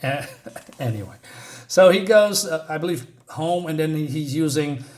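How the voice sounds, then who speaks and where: A man with a somewhat high-pitched voice talks through a comic book review in a loose, casual way. He rambles, stops to rant, and restarts his sentences over and over, filling the gaps with ums and uhs. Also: normal speed, a little mellow. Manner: rambling, ranting, lots of fillers and restarts.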